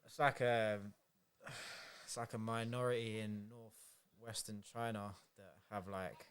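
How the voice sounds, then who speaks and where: A man chatting casually among friends, calmly explaining things. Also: on the low side, takes it slowly, clean tone. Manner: calm, explaining plainly. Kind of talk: casual chat during a fight watchalong.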